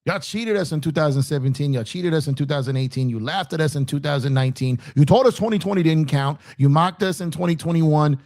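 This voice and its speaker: A man's voice: a little high, fast talker, hardly any pauses, a little mellow. Fired-up man ranting about baseball. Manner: emphatic, repetitive, taunting rival fans; reads out viewer super chats. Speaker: sports show host. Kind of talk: fired-up fan commentary.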